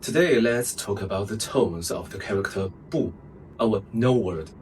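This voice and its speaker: A man's voice: fairly low pitch, expressive, normal speed. A man from China, a Mandarin speaker, teaching a language lesson and patiently repeating examples. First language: Mandarin Chinese. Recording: distant mic with faint background noise.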